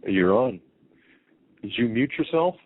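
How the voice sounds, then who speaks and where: A man co-hosting a talk radio show, out of breath and halting, with many fillers. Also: mid-range voice, lively intonation. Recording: tinny phone-like internet radio.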